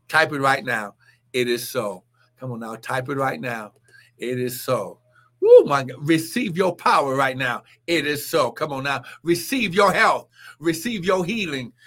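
A man preaching a live-streamed sermon and healing prayer, fervent, with shouted exclamations and bursts of speaking in tongues. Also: on the high side.

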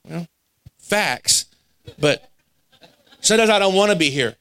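Animated preacher with a higher voice. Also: male voice, a little slow, long pauses, clear, resonant tone, no room sound. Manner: animated, acts out quoted voices, laughs at himself. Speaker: pastor. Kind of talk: storytelling sermon. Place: church sanctuary.

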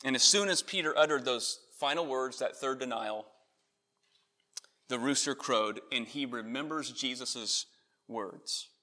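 A man preaching a sermon, earnest, rising in emphasis on key points and then softening. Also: medium pitch, unhurried. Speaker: pastor. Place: church in Connecticut.

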